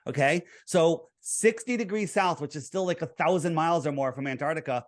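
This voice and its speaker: A man being interviewed, with a voice pitched a little above the usual for a man. He explains himself in an earnest, lecturing manner, taking the listener through his figures step by step. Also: a little fast. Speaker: interview guest.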